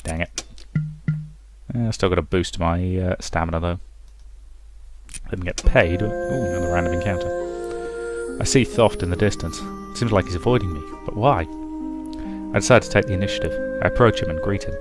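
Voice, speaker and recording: A man hosting a let's play, reading the game's text aloud in a casual, expressive way and adding his own comments. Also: sits low, moderate pace, pauses often, over loud music.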